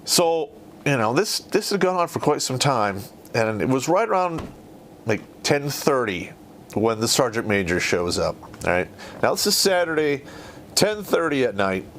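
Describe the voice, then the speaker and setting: Male podcast host, casual storytelling, swears constantly, lively pitch, middle voice. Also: unhurried, slight background noise. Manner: profane, rambling and conversational.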